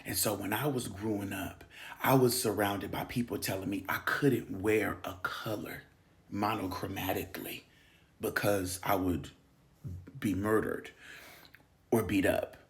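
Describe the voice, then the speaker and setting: Gravelly man in his thirties, candid monologue. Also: fairly low pitch, fairly even intonation, measured pace. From South Central Los Angeles. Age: 30s. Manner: emphatic, dips into whispers, laughs often. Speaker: spiritual channel host.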